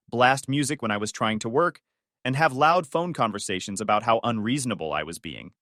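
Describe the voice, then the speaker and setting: A man's voice: medium pitch, a bit bright, no echo. A young man narrating his own story in a dry, sardonic tone. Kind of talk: scripted first-person story narration.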